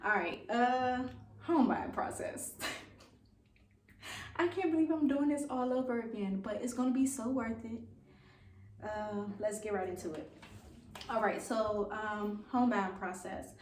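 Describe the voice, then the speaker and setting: A woman talks through home-buying tips in a chatty, informal vlog, poking fun at herself as she goes. Her voice sits a little high. The sound is roomy and echoey, with the mic some distance away. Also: unhurried, pauses often, darkish tone, slight background noise. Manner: chatty, informal, self-deprecating. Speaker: vlogger. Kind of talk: casual advice vlog.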